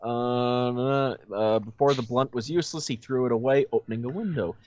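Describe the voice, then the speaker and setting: A man's voice: mid-range voice, moderate pace, a little mellow, no echo. A man reading a story aloud as co-host of a comedic read-along, breaking off into joking asides. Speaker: reader and co-host. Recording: dull lo-fi audio.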